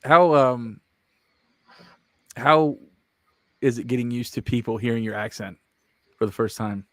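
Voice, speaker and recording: A man's voice: mid-range voice, unhurried, fairly bright tone, no room sound. A man hosting a podcast, asking friendly follow-up questions in a casual, conversational way. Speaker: podcast host. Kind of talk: casual interview chat.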